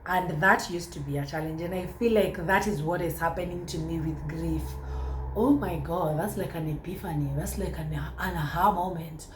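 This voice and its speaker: A woman's voice: on the low side, moderate pace, echoey room, a little hiss or hum, rough recording. A woman with a Kenyan accent talking through a casual vlog, chatty and exclamatory, slipping between English and Swahili. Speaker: vlogger.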